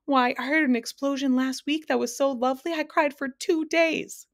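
A woman reading a storybook aloud, voicing a loud, shapeless male smog creature who bellows, laughs and sobs. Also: a little high, a little fast, creaky, pitched above the performer's own voice. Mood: booming. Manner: bellowing, roaring with laughter, sobbing. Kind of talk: storybook narration.

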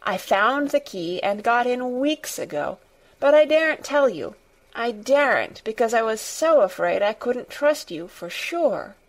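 Storybook girl, sour-tempered and frank, slow earnest delivery, voiced by a female reader. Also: a little high, expressive, voice pushed up. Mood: firm.

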